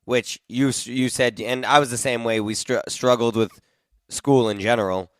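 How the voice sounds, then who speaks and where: A man's voice: mid-range voice, steady tone, normal speed, dry recording. A man hosting a podcast who sums up his guest's story and praises him in a casual, encouraging way. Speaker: podcast host. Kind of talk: casual interview chat.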